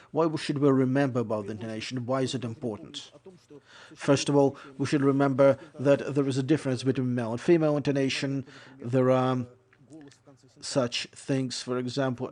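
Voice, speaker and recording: Man giving a measured interpreting lecture. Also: medium pitch, a little mellow. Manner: measured, explanatory, with self-corrections. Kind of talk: English voiceover of a lecture.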